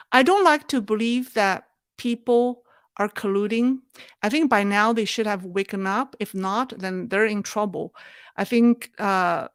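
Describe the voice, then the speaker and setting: A woman hosting a live show and answering viewer questions in a thoughtful, halting way. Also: mid-range voice, no room sound, clean studio sound. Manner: thoughtful, halting, with restarts and soft laughs.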